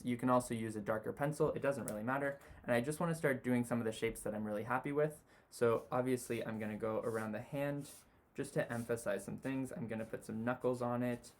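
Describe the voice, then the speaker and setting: A man teaching sketching, talking through a drawing as he makes it, relaxed and full of "you know" fillers. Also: medium pitch, fairly quick. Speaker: design tutor. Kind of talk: sketching demonstration.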